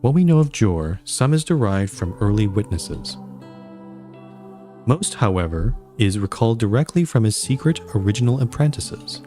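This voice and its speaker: A man voicing a wary psychic male snail, slow and storytelling in manner, reading game dialogue aloud. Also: on the low side, very animated, warm tone, soft background music.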